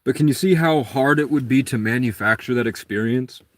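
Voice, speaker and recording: A man's voice: a little fast, no echo. Man rambling through a story, dry sound. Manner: rambling, acts out quotes with raised pitch. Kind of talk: casual storytelling monologue.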